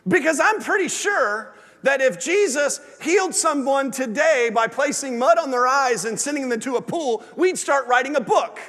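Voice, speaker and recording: A man preaching a sermon to his church. His delivery swings from lively and loud to low and hushed. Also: normal speed. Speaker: pastor. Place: large church sanctuary. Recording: long hall reverb.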